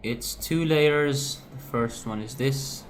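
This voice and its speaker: A man's voice: mid-range voice, slow pace, slight background noise. A man walking through how he produced his own song, talking casually and correcting himself as he goes. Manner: casual and self-correcting, often says "right". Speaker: music producer. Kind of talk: screen-recorded production walkthrough.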